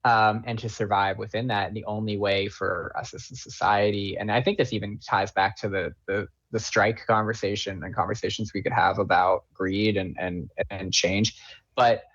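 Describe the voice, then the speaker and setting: A man's voice: fairly low pitch, fairly even intonation, normal speed, fairly bright tone, muffled recording. A man appearing as a writer guest on a podcast, talking passionately about a film's themes and swearing freely. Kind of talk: casual film discussion.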